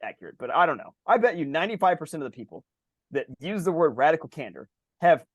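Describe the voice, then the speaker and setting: A podcast co-host speaks quickly and with lots of animation in a slightly high voice, recorded dull with no room sound. In casual conversation he rambles through stories, says "like" constantly, acts out quotes, and swears offhandedly.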